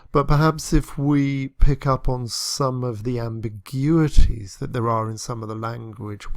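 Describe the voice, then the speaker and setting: A man's voice: mid-range voice, creaky, dry recording, clean studio sound. A man teaching a literature lesson on a poem, thoughtful and hesitant, with many fillers and restarts. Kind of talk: lecture on poetry.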